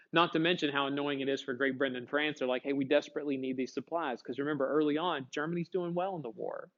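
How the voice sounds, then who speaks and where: A man's voice: a little high, highs cut off. A man teaching a history class, talking casually and asking his students questions before answering them himself. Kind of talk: classroom lecture.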